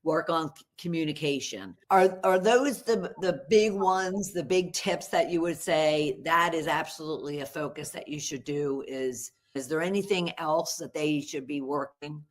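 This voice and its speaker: A woman with a low voice hosts a podcast conversation. She frames questions loosely, restarting mid-phrase, and chimes in with agreement. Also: moderate pace, hardly any pauses. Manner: supportive, asks rambling questions with restarts. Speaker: podcast host. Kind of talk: podcast interview.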